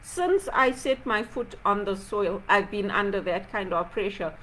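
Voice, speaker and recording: A woman's voice: medium pitch, measured pace, a bit bright, slight background noise, rough recording. A woman from Zimbabwe giving an impassioned spoken reflection, aggrieved and rhetorical, firing off repeated pointed questions. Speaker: video blogger.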